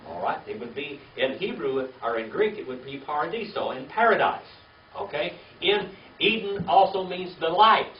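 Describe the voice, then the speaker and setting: His voice is a little high and expressive, at a normal speed, as he teaches a Bible lesson to a small class. He keeps asking questions, repeating key words and checking in with "all right?" after each point. The room recording is distant, echoey and dull with a faint hiss.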